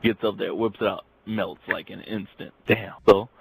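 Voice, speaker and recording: A man's voice: lowish voice, steady tone, moderate pace, vocal fry, husky, low-quality recording. A young man casually telling crude jokes, rambling and laughing at his own punchlines. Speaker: joke teller.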